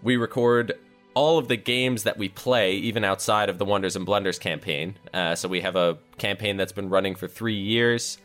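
A man with a fairly low voice narrates as dungeon master and hosts the show. He talks loosely and chattily, tossing in jokes and filler words, with faint music in the background. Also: moderate pace, a bit bright. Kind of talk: narrating a tabletop game.

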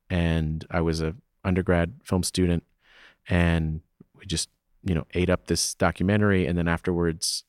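Deep-voiced man in a dry podcast interview. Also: no room sound. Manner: emphatic, keeps asking "right?" to drive points home. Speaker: theater owner and festival director guest. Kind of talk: conversational interview. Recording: dry close-mic podcast sound.

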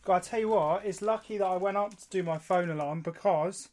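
A man's voice: high-pitched, fairly quick, darkish tone, soft background music. A man from Devon, co-hosting a casual podcast chat and telling stories with casual swearing. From Devon, England. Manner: chatty storyteller, swears casually. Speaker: podcast co-host.

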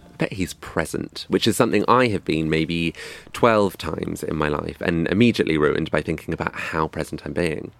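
A man's voice: low voice, moderate pace, gravelly, a bit bright, no echo, faint music behind. A young man from England telling a scripted comic story in a wry, dry, self-mocking way. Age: young adult.

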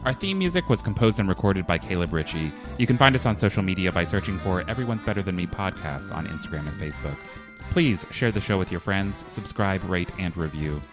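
A man's voice: deep voice, animated, a little fast, over music. A man hosting a comedy podcast, talking in a hesitant, dry comic way with many fillers. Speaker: podcast host.

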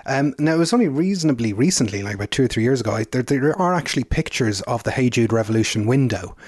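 A man's voice: mid-range voice, lively intonation, quick pace, darkish tone, no echo. Chatty man with a dry, close sound. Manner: rambling, frequent fillers and asides. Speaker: podcast co-host. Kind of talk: casual chat.

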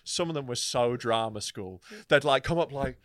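A man's voice: mid-range voice, moderate pace, fairly bright tone, no echo. A young man telling a story in casual podcast chat. He swears freely and acts out the people he describes. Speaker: podcast co-host.

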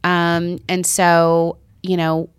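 A woman's voice: fairly low pitch, monotone, very slow, clear, resonant tone, dry recording. A middle-aged woman co-hosting a casual talk show, speaking earnestly and acting out her stories. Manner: chatty, earnest, acts out stories. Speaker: co-host. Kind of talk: casual chat.

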